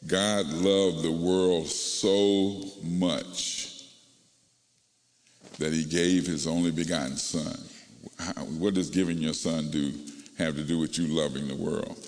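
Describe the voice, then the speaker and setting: Male pastor, lower voice, preaching call-and-response in a church, hall reverb. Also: steady tone, slow. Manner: call-and-response preaching, rising to singing and shouting. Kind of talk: sermon. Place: church sanctuary. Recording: long reverb of a large hall.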